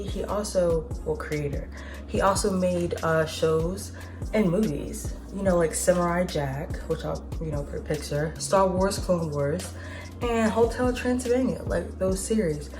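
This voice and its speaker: A woman in her twenties hosting a casual vlog, chatting in a slangy, profane way with side remarks. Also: lowish voice. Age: 20s. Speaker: vlogger host. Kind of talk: casual nostalgic chat.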